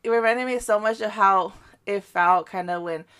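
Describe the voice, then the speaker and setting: A woman's voice: medium pitch, normal speed, smooth. Young woman telling a story, lots of "like". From Guatemalan family. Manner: animated storytelling, heavy use of "like", frequent laughter. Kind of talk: casual chat.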